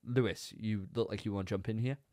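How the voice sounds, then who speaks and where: This man co-hosts a podcast, chatting casually and rambling with repeated words. His voice is on the low side and a little mellow, with fairly even intonation and a slightly fast pace. The recording is studio quality with no room sound.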